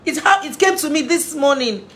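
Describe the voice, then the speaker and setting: This woman has a high, slightly bright voice with lively intonation and speaks at normal speed. A family therapist and inspirational speaker, she gives an earnest, emotional, pleading talk on parenting, repeating phrases for emphasis.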